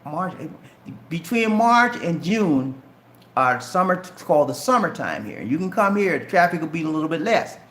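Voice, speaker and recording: Here the same kind of speaker, a middle-aged man from Charleston, South Carolina with a light Southern Geechee accent, sounds a little high and sing-song. His tone is fairly bright, his pace moderate, and the room sounds spacious. Chatty and casual, he answers live-stream questions and addresses viewers directly as "man" and "bro."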